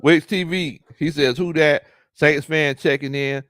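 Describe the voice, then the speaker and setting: A man's voice: on the high side, fairly even intonation, a little slow, a bit bright, dry recording, studio quality. A man with a Southern US accent hosting a casual sports livestream, reading chat comments aloud, repeating himself and laughing often. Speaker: sports talk show host reading live chat.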